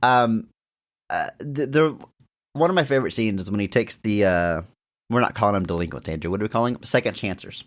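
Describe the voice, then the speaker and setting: A young man talks through a film on a casual podcast in a low voice. He laughs often, and his pitch leaps up whenever something excites him. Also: fairly quick. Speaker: podcast co-host. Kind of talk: casual movie review chat.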